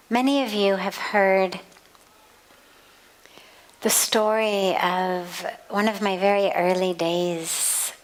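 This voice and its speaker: A woman spiritual teacher giving a talk at a satsang, telling a story in a slow, measured way. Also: lowish voice, rough recording. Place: outdoor garden.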